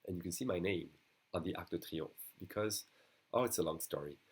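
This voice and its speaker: A young man from France with a French accent, teaching a beginner language lesson and patiently repeating words slowly for practice. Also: low-pitched, a little mellow, slightly rough.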